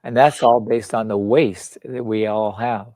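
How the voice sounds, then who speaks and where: Older male guest, low dry voice, blunt and salty, jokey storyteller. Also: steady tone, unhurried, darkish tone, no room sound. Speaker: author and founder, interview guest. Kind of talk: casual conversation.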